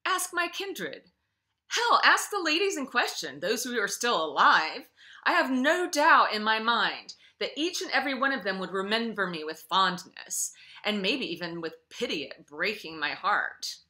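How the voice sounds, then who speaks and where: A woman's voice: mid-range voice, very animated, measured pace, bright, forceful tone, voice pushed up. A woman reading aloud and voicing an exasperated, defensive young male French revenant in a storybook reading. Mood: indignant.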